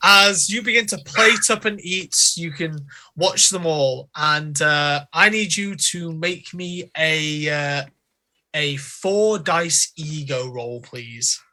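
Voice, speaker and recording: A man narrating a tabletop game as game master, telling the scene slowly and deliberately and laughing often. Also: on the high side, pushed and bright.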